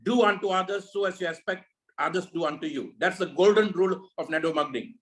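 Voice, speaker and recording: A man's voice: high-pitched, fast, a bit bright, low-quality recording. A man leading a network marketing meeting over a video call, giving a preachy motivational talk full of repeated rhetorical questions.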